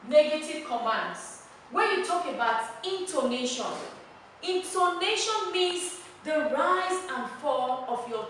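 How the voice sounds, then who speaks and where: A woman's voice: high voice, a bit bright, slight background noise. A woman with a Nigerian accent teaching a classroom lesson, emphatic and repeating key words as she drills the class. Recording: echoey room, mic far off.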